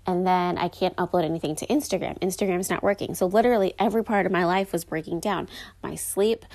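Lady rambling on her podcast, lots of fry, kinda low, says like a lot. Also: steady tone, fast, darkish tone. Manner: rambling, chatty, heavy on fillers. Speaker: podcast host. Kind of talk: casual solo podcast chat.

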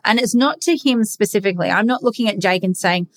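A woman's voice: medium pitch, expressive, quick pace. A woman hosting a candid solo podcast, speaking earnestly and emphatically, repeating her key phrases and swearing casually. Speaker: podcast host.

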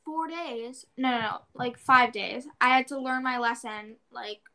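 A woman's voice: on the high side, measured pace, bright, forceful tone. A teenage girl co-hosting a podcast in casual chat, rambling through a story with lots of "like"s and acting out her own exclamations. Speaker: podcast co-host.

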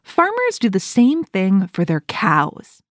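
A woman's voice: mid-range voice, huge pitch swings, slow, no echo, studio quality. Playful woman hosting a kids' show. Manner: cheerful, playful, counting down for kids. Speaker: host. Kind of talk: scripted children's show narration.

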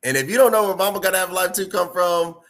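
A man hosting a casual podcast chat, animated and laughing often, acting out movie lines. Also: high-pitched, quick pace. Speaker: podcast host.

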